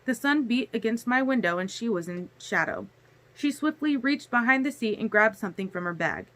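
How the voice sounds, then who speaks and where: A woman narrating a novel chapter aloud in a steady storytelling manner. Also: a little high, moderate pace. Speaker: audiobook reader. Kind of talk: audiobook narration.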